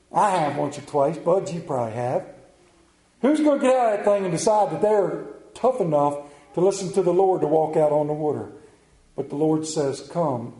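A man preaching a sermon, telling Bible stories and acting out the characters, swinging between loud bursts and quiet low passages. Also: roomy sound, poor audio. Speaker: pastor.

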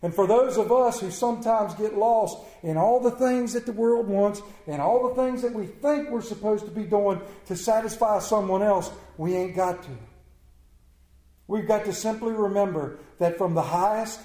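A man's voice: high-pitched, normal speed, warm tone. A man preaching a sermon in a church, emphatic and plain-spoken, with rhetorical questions, repeated phrases and folksy asides. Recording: echoey room.

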